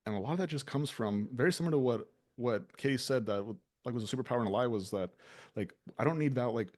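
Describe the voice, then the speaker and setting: A man's voice: medium pitch, fast talker, a little mellow. Casual man talking business. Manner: loose and conversational, many likes and ums. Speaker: business owner and show host.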